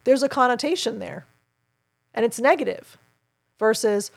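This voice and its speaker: A woman's voice: a little high, expressive, normal speed, gravelly. A woman who works as a child play therapist and hosts a podcast, earnestly explaining her approach in an advice segment and encouraging her listeners.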